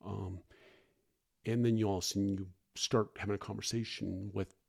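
A middle-aged man, a foster parent, talking candidly and earnestly as a podcast guest, often pausing and restarting. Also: fairly low pitch, fairly even intonation, vocal fry, darkish tone, husky. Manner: earnest, halting, frequent restarts and fillers.

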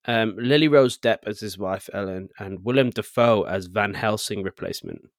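An easygoing man co-hosting a podcast in casual chat, reading film news out loud and chatting about it. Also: lowish voice, moderate pace, dry recording, studio quality. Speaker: podcast co-host.

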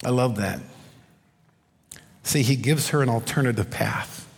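Man, pastor, preaching a sermon, rhetorical questions, slows for emphasis, long hall echo. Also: mid-range voice, creaky.

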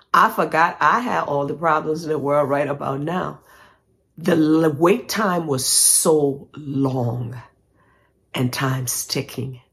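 A woman telling a personal story to an audience in a slow, deliberate way, acting out the dialogue and climbing higher in pitch as the tension builds. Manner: dramatic, acts out dialogue, rising pitch as tension grows.

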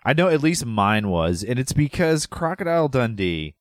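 A man's voice: medium pitch, sing-song, moderate pace, no echo. A man hosting a movie podcast, talking in casual chat with playful, teasing banter. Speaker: podcast host.

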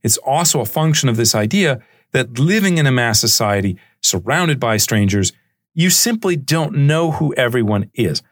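A man hosting a history podcast, lecturing in a loose, conversational way and often pausing with "uh" and "right?". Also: medium pitch, expressive, dry recording, clean studio sound. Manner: chatty and digressive, with frequent "uh" and "right?".

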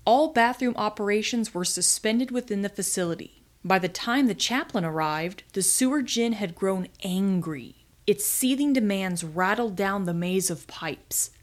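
A woman host reading her own scripted story aloud, with dry comic timing and dramatic pauses. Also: mid-range voice, lively intonation. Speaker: podcast host and story writer.

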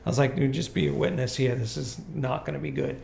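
A man hosting a podcast, swearing freely as he tells an animated workplace story in casual chat. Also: mid-range voice, fast talker, gravelly, echoey room, a little hiss or hum. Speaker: podcast host, golf course superintendent.

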